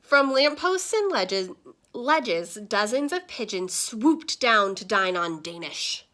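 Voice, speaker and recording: A woman reading a children's storybook aloud, her voice lively and swooping with plenty of expression. Her tone is bright and clear, with a middle pitch. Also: slow pace. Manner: expressive, animated.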